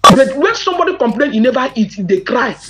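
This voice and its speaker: This woman addresses her subscribers in a fiery monologue, Nigerian accent strong, switching between Pidgin and English and asking indignant questions. Her voice sits high, sing-song and sharp, moving briskly.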